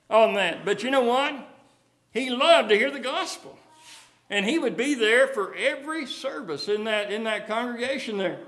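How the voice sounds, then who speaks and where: Folksy high-voiced male preacher. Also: pushed and bright. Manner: folksy, repetitive, many restarts. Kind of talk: sermon with storytelling.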